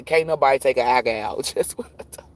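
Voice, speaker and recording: A man hosting a tarot livestream chats casually, telling profane stories at a quick pace in a medium-pitched voice. He laughs often and acts out the voices of the people he quotes.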